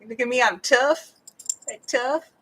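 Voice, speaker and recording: A woman with an Australian accent voicing her young male cat as a cocky, boastful tough guy, in a high put-on voice. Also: a little slow, a bit bright, slightly rough. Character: cocky young tomcat showing off.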